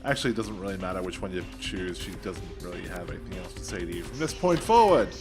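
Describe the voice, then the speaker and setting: A man's voice: sits low, animated, fast, over music. A man hosting a game playthrough, giving casual commentary with wry, self-deprecating remarks. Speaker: gameplay host.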